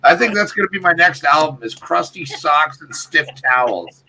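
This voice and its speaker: A man's voice: a little high, lively intonation, normal speed, bright, forceful tone, a little hiss or hum. A man co-hosting a casual video call chat, joking and laughing through a party game. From Ireland. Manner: joking, laughing, playful bits. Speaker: co-host.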